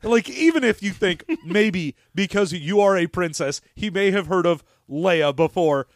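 A man's voice: high voice, unhurried, dry recording, studio quality. A man co-hosting a podcast in casual chat, sarcastic and incredulous, swearing freely. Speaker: podcast co-host.

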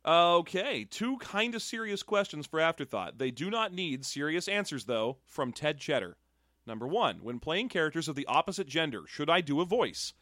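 A man co-hosting a casual podcast about tabletop games, reading out listener questions with quick, playful humor. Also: big pitch swings, sharp tone, no room sound, clean studio sound. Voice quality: calls his voice a soothing baritone. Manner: quick, wry, playful delivery. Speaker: podcast co-host.

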